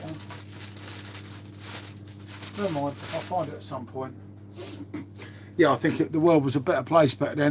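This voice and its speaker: A middle-aged man's fairly high voice comes through against a noisy background as he rambles casually to his live-stream audience. Relaxed, he addresses everyone as mate and thinks out loud while cleaning up.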